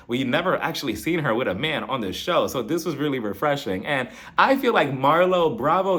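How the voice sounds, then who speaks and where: Male reviewer, slightly high voice, very lively delivery, acts out the quotes. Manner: animated, acts out quotes, laughs often. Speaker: TV recap reviewer. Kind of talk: casual episode review.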